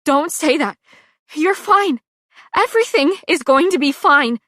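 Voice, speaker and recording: A woman's voice: high voice, expressive, unhurried, a bit bright, no room sound, clean studio sound, voice pushed up. A woman voicing a frantic young woman who pleads through sobs with a shaking voice. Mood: pleading. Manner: crying out, voice shaking.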